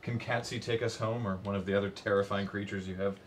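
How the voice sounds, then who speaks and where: A man's voice: lowish voice, fairly even intonation, fast. A man hosting a live charity stream, chatting in an upbeat, giggly way with a call-in guest. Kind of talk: casual chat.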